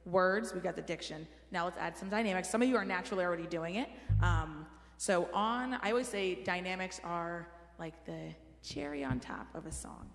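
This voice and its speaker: A woman's voice: fairly low pitch, normal speed, few pauses. A woman leading a choir rehearsal in a church, giving casual, encouraging instructions on diction and dynamics. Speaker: choir director. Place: church sanctuary. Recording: roomy hall with music behind.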